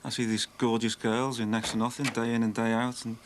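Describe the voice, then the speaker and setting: An actor playing a chatty, smooth-talking modelling agent, in TV soap acting. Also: male voice, medium pitch, level tone, a little fast, noisy background, lightly acted. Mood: glib. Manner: glib, joking. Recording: busy pub crowd behind.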